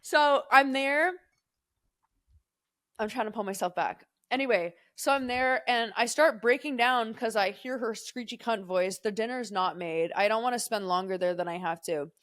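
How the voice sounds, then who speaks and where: A woman's voice: on the high side, moderate pace, fairly bright tone, dry recording, clean studio sound. A young woman co-hosting a podcast, chatting casually and telling a rambling, profane story full of digressions. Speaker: podcast co-host. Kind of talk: casual chat.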